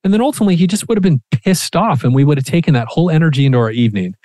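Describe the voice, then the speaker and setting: A man co-hosting a podcast, telling a personal story in casual chat, animated and acting out quoted dialogue with casual swearing. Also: fairly high pitch, very fast, no room sound. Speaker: podcast co-host.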